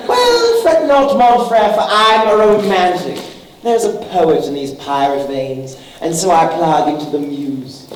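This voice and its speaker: A young man in a school play, acting a flamboyant, vain pirate captain with a booming, hammy delivery. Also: expressive, a little slow, a little hiss or hum. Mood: playful. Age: young adult. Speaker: student actor. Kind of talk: stage play performance. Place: school stage in a hall. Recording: echoey hall, from far off.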